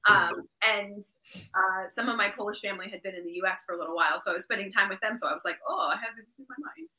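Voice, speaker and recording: A woman's voice: mid-range voice, steady tone, fast talker, pushed and bright, rough recording. A woman actress being interviewed, telling stories in a chatty, anecdotal way. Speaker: actress guest. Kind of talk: casual interview chat.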